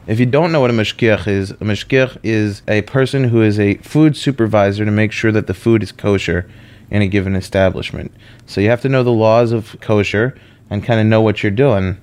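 A comedian telling a personal story in a conversational, self-deprecating way. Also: male voice, fairly low pitch, a little fast, darkish tone.

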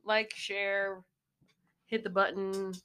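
A woman in her forties with a Midwestern accent, co-hosting a podcast in casual chat, playful and quick to laugh. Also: medium pitch, smooth. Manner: laughs often, animated and playful. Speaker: podcast co-host. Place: recorded in Wichita, Kansas.

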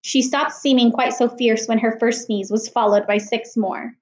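A woman reading a children's novel aloud with expressive storytelling over a video call. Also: a little high, moderate pace. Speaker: reader leading a read-aloud. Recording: roomy echo.

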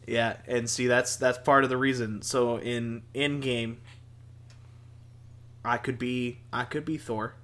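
A man's voice: medium pitch, fairly even intonation, slow pace, a bit bright. A man co-hosting a casual podcast, easygoing and enthusiastic, rambling a little. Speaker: podcast co-host.

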